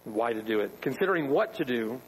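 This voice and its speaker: A man's voice: mid-range voice, lively intonation, a little fast, a little hiss or hum, rough recording. A man preaching a sermon as pastor, emphatic, with rhetorical questions.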